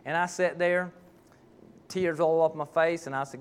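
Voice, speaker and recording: A man's voice: a little high, normal speed, a little hiss or hum. A man, a pastor preaching a sermon and telling heartfelt, folksy stories.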